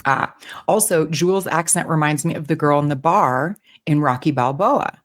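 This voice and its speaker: A woman's voice: deep voice, normal speed. A woman co-hosting a casual podcast, reading out listener comments in a playful way. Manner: playful, laughs easily. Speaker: podcast co-host.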